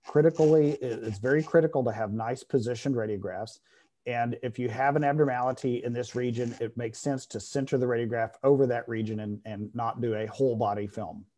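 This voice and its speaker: A middle-aged man with a warm, medium-pitched voice lectures a class on veterinary radiology. He walks through the material step by step, frequently pausing to ask "okay?"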